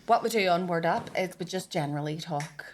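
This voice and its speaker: A woman's voice: on the low side, fairly quick, a little hiss or hum. A woman hosting a podcast, chatting casually with crude, giggly banter. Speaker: podcast host. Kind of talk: casual chat.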